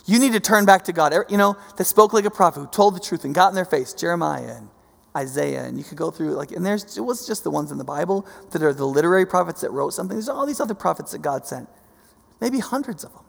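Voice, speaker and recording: Gravelly man preaching in a hall. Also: on the high side, fast talker. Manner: animated, swings from soft to loud, repeats himself. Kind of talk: sermon. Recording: long hall reverb.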